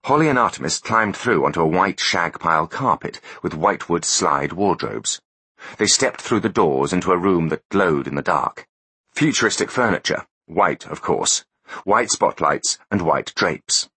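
A man narrating an audiobook with expressive storytelling delivery. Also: deep voice, moderate pace, breathy edge, no room sound. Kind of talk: scripted narration.

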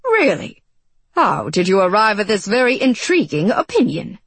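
A woman's voice: mid-range voice, sing-song, moderate pace, breathy edge, no echo. A woman voicing a curious, demanding young king who asks probing questions. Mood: eager.

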